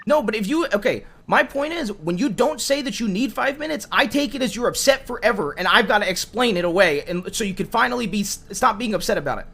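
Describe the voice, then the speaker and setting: Brief: man voicing a high, lively, stammering anxious husband in a game roleplay spat. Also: fast talker, gravelly, hardly any pauses, heavily acted. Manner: rambling, stammering, talks in circles. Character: frustrated, anxious husband, pleading and defensive. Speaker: roleplay streamer. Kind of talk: heated in-character roleplay argument.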